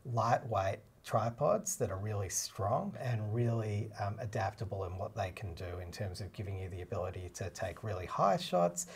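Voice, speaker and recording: A man, a documentary filmmaker and cinematographer, co-hosting a casual explanatory chat. He talks in a relaxed, practical way, with many fillers. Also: lowish voice, normal speed, vocal fry, few pauses, husky. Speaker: co-host.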